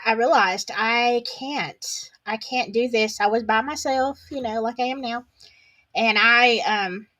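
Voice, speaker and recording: A woman's voice: a little high, fairly bright tone. A woman with a Southern US accent, hosting a casual solo livestream, chatting in a folksy, drawling way and reading viewer comments aloud.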